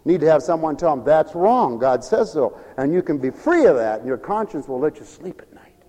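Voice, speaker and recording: A man preaching a sermon, dramatic and given to mimicking others and shouting for emphasis. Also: a little high, animated, fast talker, big-room sound, rough recording. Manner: dramatic, acts out other people's voices.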